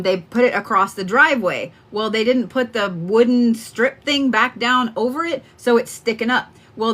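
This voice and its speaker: A woman's voice: medium pitch, pushed and bright. A middle-aged woman hosting a live stream as a psychic card reader, chatting casually and rambling to viewers with plenty of swearing. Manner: chatty, rambling and freely profane.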